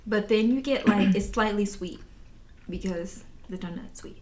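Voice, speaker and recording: Casual woman vlogger, relaxed home chat, light room noise behind. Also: mid-range voice, normal speed. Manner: relaxed, chatty, addresses viewers. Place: home, indoors.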